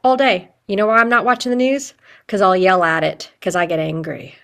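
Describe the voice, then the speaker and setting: A middle-aged woman teaching an acting class, chatty and animated, laughing often as she explains. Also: mid-range voice, fairly quick, gravelly. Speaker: acting coach. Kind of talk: live online acting class.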